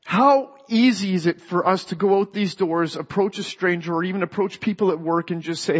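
High-voiced man, Canadian, storytelling sermon, echoing hall. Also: moderate pace, fairly bright tone. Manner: storytelling, repeats words when starting a phrase. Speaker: lay preacher. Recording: dull echoey hall sound.

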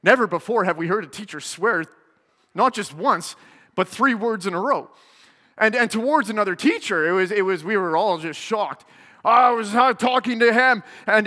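A pastor tells a story from the pulpit in a high, bright voice and acts out its people as he goes. Long reverb from the church hall hangs on every word. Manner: animated, acts out the people in his stories. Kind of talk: sermon with storytelling.

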